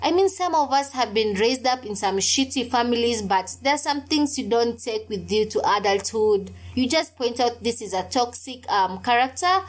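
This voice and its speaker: A woman's voice: on the high side, expressive, moderate pace, few pauses. A young woman hosting a solo podcast, telling a personal story in a candid, emphatic way with frequent fillers. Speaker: podcast host. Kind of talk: casual solo podcast talk.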